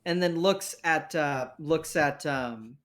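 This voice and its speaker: A man's voice: fairly high pitch, measured pace, a bit bright, a little hiss or hum. A man narrating a tabletop role-playing game as game master, in a casual, vivid way. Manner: casual, vivid, with fillers and restarts.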